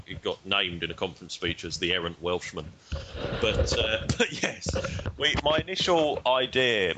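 A man's voice: low-pitched, bright, forceful tone, poor audio. A man in casual podcast chat, telling a rambling, self-deprecating story. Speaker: guest speaker.

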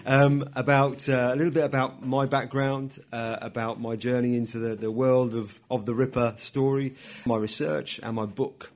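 A man's voice: mid-range voice, flat delivery, moderate pace. A man giving a chatty, self-deprecating talk as guest speaker to a live audience in a hotel function room, with frequent ums and asides.

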